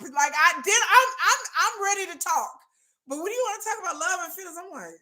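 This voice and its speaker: A woman's voice: very high-pitched, animated, fairly quick, pushed and bright. A woman hosting a casual livestream, talking candidly and bluntly and laughing often. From United States. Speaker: livestream host.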